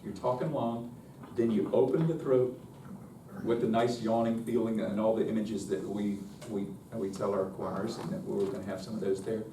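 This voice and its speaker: A man's voice: fairly low pitch, steady tone, moderate pace. A man with a North Carolina accent leading a choral workshop in a chatty, folksy way. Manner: folksy, chatty, demonstrates by singing. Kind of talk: workshop lecture with sung demonstrations. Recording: roomy, distant mic, faint noise.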